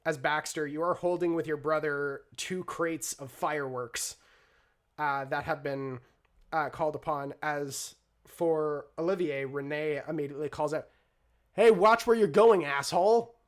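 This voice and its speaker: A man narrating a tabletop role-play game as game master, relaxed and rambling, with lots of fillers. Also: on the high side, a little slow.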